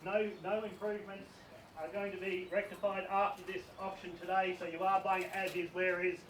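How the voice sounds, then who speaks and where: Distant high-voiced auctioneer. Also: male voice, level tone, a little fast, a bit bright, a little hiss or hum. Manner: projecting, reads out contract terms. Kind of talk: formal auction address. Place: outdoors at a house auction. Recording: distant and roomy, picked up from afar.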